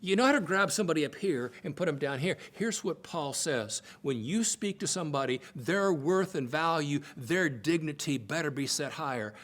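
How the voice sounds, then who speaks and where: A middle-aged man teaching on marriage in a conversational preaching style, stressing points by repeating phrases and jumping in pitch. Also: normal speed. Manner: emphatic, repeats phrases for stress, jumps to high excited pitch. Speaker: Bible teacher.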